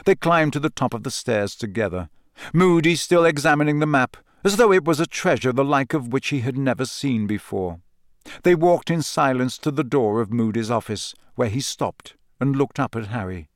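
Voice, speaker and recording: A man narrating an audiobook in a measured storytelling manner. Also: medium pitch, dry recording, clean studio sound. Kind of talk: scripted narration.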